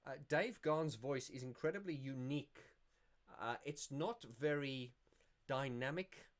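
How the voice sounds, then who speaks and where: A man's voice: mid-range voice, measured pace. Rambling male livestream host. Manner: rambling and self-correcting, sings snippets to illustrate. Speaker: livestream host answering viewer questions. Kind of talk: casual livestream chat.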